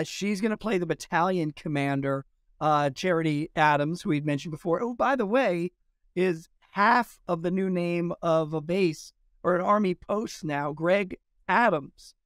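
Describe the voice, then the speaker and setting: A male historian telling lively anecdotes in an interview, acting out quoted dialogue as he goes. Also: fairly high pitch, clean tone, dry recording, studio quality. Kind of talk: storytelling in an interview.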